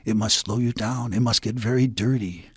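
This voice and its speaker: A man voicing a sly, scheming male coyote in a folk tale, speaking low, slow and half-whispered. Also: steady tone, husky, no room sound, studio quality. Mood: wheedling.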